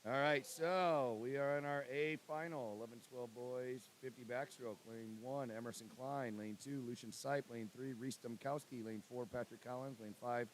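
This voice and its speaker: A man announcing lane assignments and calling races as commentator for a swim meet livestream, with a steady list-reading cadence. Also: medium pitch, slight background noise. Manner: reads lane lists in a steady cadence, banters with co-host.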